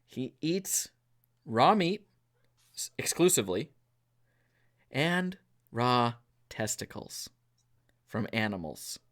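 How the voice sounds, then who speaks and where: Man, podcast co-host, casual chat, jokey, rambling, average pitch. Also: big pitch swings, slow pace, pauses often, a bit bright. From northern US. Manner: rambling, jokey, goes off on tangents.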